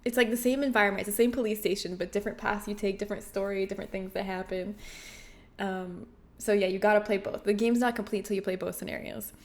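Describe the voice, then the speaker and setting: A woman's voice: mid-range voice, steady tone, fast talker. A woman game streamer chatting casually and playfully with her viewers, often giggling. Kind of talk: casual livestream chat with viewers.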